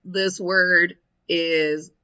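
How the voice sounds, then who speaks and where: A woman's voice: fairly low pitch, extremely slow, smooth, lo-fi sound. A woman co-hosting a podcast, telling stories in casual chat with lots of laughter and the odd swear word. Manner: animated storytelling, laughs often, swears. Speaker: podcast co-host.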